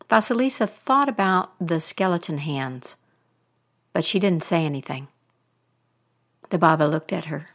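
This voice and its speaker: A woman telling a folktale aloud in a deliberate, expressive way. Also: low voice. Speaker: storyteller.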